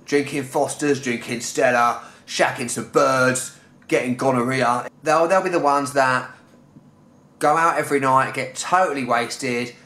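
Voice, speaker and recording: A man's voice: mid-range voice, a little slow, bright, forceful tone. A young man from London ranting in a sarcastic, exasperated and sweary way in a comic travel vlog. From London, England. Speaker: travel vlogger. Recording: echoey room.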